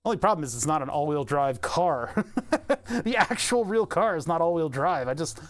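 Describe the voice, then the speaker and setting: Streamer type, American man, a bit nasal, slightly high voice, loose rambling chat. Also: expressive, moderate pace. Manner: rambling, chatty, laughs often. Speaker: livestreamer. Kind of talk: casual live-stream chat while working.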